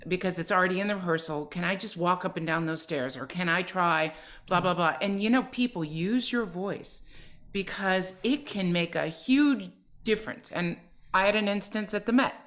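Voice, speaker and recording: A woman's voice: lowish voice, fairly quick, fairly bright tone. A middle-aged woman co-hosting an interview, giving earnest advice and asking thoughtful questions. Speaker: podcast co-host and opera singer. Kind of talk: conversational interview.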